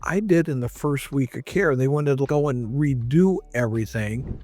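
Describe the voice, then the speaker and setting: A man's voice: mid-range voice, warm tone. Chatty man telling a patient story. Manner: conversational, quotes others in raised voices. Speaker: chiropractor. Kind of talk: storytelling monologue.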